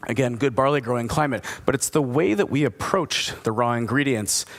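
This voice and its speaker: A man's voice: medium pitch, a little fast. Guy presenting at a conference, chatty and upbeat, talks right to the crowd. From United States. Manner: conversational and enthusiastic, asks the audience questions. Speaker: distillery speaker at a whisky forum.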